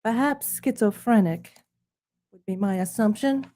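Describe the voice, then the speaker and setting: A woman putting on a shabby snooty British accent to play a pompous, sophisticated presenter of art, speaking slowly and formally with her lower face drooped. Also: close to an everyday voice. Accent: put-on British accent. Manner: pompous, mock-formal and hushed.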